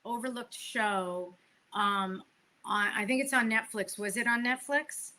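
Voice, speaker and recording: A woman guest chatting in a relaxed, rambling way on a live stream. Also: fairly high pitch, unhurried, slight background noise. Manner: relaxed, rambling, self-deprecating. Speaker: musician guest. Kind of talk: casual live-streamed conversation.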